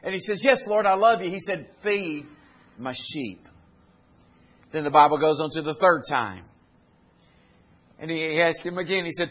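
A man preaching a sermon, retelling scripture in plain folksy speech and building to loud, climbing exhortation. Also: high-pitched, animated, moderate pace, long pauses.

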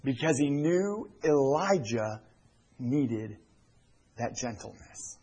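A middle-aged male pastor preaching a sermon in a church, swinging from loud emphatic lines to hushed near-whispers. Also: mid-range voice, expressive, takes it slowly, husky, poor audio. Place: church sanctuary.

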